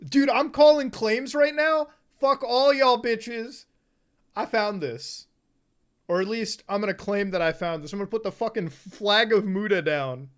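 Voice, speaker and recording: A woman's voice: mid-range voice, a little slow. A woman streamer giving profane reaction commentary on a live stream, exclaiming and shrieking in disbelief.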